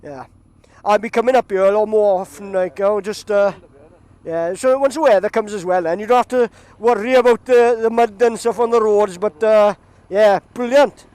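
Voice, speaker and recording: A man's voice: high-pitched, normal speed, a little mellow. A young Welsh man with a Welsh accent, chatty and laughing as he tells a story casually, outdoors by a road. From Wales. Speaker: vlogger. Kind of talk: casual anecdote.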